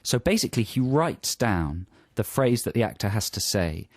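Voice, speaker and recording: A man's voice: on the low side, big pitch swings, moderate pace, a little mellow, no room sound. A man co-hosting a casual radio chat in a studio, jokily reading from an article. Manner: jokey, reads out from an article. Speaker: radio co-host. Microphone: studio microphone.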